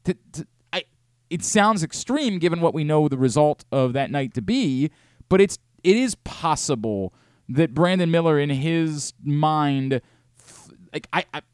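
A man's voice: fairly high pitch, expressive, fairly quick, a little mellow, no echo, studio quality. A man hosting a sports talk radio show, giving heated opinions with emphatic repetition.

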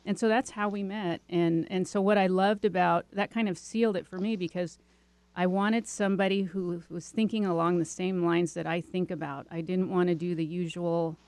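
A woman's voice: on the low side, fairly even intonation, moderate pace, darkish tone, dry recording. A woman telling a personal story as an interview guest, chatty, with many fillers and restarts. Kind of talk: casual storytelling.

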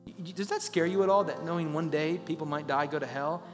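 A man preaching a sermon as a pastor, talking conversationally and rising into loud, urgent pleas. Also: a little high, fast talker, big-room sound, over music.

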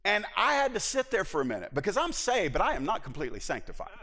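Pastor preaching in a reverberant hall. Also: male voice, high-pitched, quick pace, background noise. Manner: animated storytelling with laughs and acted-out asides. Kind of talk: sermon. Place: church sanctuary.

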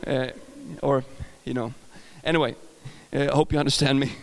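A man's voice: medium pitch, flat delivery, moderate pace, long reverb tail. A man with a Swedish accent preaching a casual, joking sermon, often restarting his sentences and talking to the audience. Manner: chatty, self-correcting, jokes with the audience.

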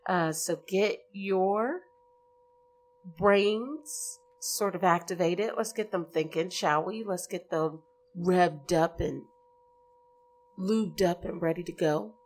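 A woman's voice: on the low side, takes it slowly. A woman hosting a podcast alone, talking to her listeners in a chatty, earnest way with many "like" and "um" fillers. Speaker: podcast host. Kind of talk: casual solo podcast monologue.

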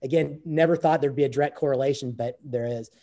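A man's voice: mid-range voice, quick pace, dark tone. A man telling a personal story as an interview guest, earnest and repeating phrases as he goes. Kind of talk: conversational storytelling.

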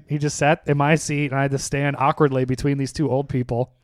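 A man in a relaxed podcast conversation who tells long, rambling stories and slips into animated impressions of the people in them. His voice sits at a middle pitch and sounds dry and close, with no room around it. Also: normal speed, smooth, dry recording. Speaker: podcast co-host. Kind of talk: casual chat, storytelling.

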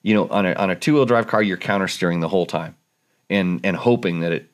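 A man with a somewhat low voice chats casually about motorcycles. He gets into the technical details and often restarts his sentences as he thinks them through. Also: fast talker. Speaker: dirt bike reviewer. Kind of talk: casual chat.

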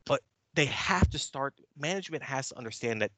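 Man, podcast co-host, forceful bright voice, blunt heated rant, swearing, dry close mic. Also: medium pitch, expressive, a little fast, dry recording. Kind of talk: casual podcast chat. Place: New York City.

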